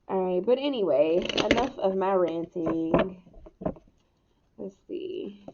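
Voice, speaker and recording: A woman's voice: lowish voice, slow pace. Chatty woman tarot reader, muffled mic. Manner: candid, laughs often, swears casually. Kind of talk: casual spiritual reading. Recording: muffled mic with noticeable hiss.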